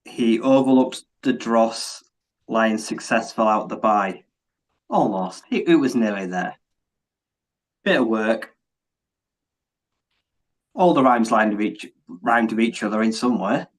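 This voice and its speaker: A British man on a podcast reciting comic rhymes in a slow, halting way. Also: lowish voice, animated. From England. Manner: slow, halting, self-correcting. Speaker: podcast co-host.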